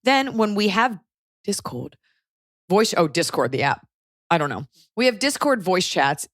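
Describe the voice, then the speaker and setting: A woman's voice: medium pitch, sing-song, moderate pace, a bit bright, dry recording, clean studio sound. An American woman hosting a podcast in casual chat, reading out a listener's letter in a playful, teasing way. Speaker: podcast host.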